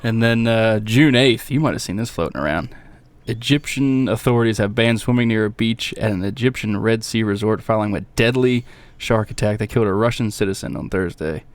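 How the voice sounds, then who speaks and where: A man's voice: on the low side, brisk, dry recording. A man co-hosting a casual podcast, reading out news items and reacting bluntly with lots of swearing. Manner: profane, blunt, reads news items aloud. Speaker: podcast co-host. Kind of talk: casual chat.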